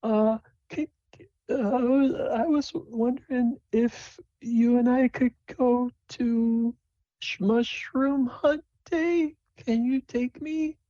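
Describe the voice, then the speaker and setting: A man voicing an excitable, gushing young female druid in a tabletop game. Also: takes it slowly, no room sound. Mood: bubbly, eager. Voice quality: squeaky and gushing. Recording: dull lo-fi dry recording.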